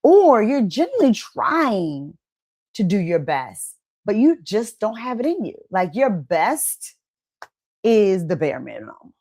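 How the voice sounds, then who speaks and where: A woman's voice: mid-range voice, big pitch swings, measured pace, warm tone. A woman giving a motivational wellness talk to camera, emphatic and conversational, often checking in with "right?" and acting out quoted inner voices. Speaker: wellness coach and channel host.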